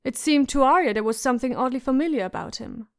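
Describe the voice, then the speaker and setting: A woman narrating an audiobook in a measured, suspenseful way. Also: sits high. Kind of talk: scripted narration.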